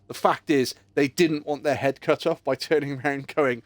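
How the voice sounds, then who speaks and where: Chatty streamer, dry close mic. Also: male voice, medium pitch, fairly even intonation, moderate pace, dry recording. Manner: rambling storyteller, swears freely, chuckles. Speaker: game streamer. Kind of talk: casual live-stream chat.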